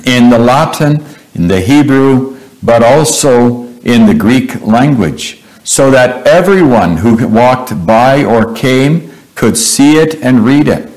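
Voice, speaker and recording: Man preaching, slow deliberate delivery, pauses, mid pitch. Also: a little mellow, poor audio. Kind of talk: sermon.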